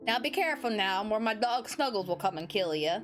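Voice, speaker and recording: A woman's voice: medium pitch, expressive, a little fast, over music, natural voice. A woman putting on the voice of a killer who threatens people with her dog, in a joking drawl. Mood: mock threat.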